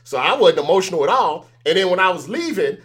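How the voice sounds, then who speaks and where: A man's voice: sits high, sing-song, fast, fairly bright tone. A man as an interview guest, chatting casually and telling stories animatedly, acting out the exchanges he quotes.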